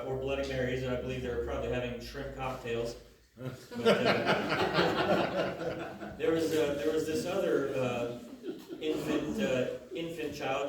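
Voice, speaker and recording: Stand-up comic, man in his thirties, halting delivery with lots of uhs, heard from far off in an echoey room. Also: on the high side. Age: 30s. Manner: halting, full of uhs and repeated starts. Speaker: stand-up comedian. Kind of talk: stand-up comedy set. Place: comedy venue before a live audience.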